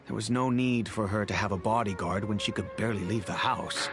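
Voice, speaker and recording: A man voicing a wealthy, kindly middle-aged father in game cutscene dialogue, telling the past in a measured, reflective way. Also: fairly low pitch, close to an everyday voice. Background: game music.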